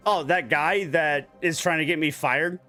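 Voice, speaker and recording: A man's voice: fairly high pitch, unhurried, bright, forceful tone, soft background music. Profane, rambling man in his forties. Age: 40s. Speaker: gaming streamer. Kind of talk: casual chat while gaming.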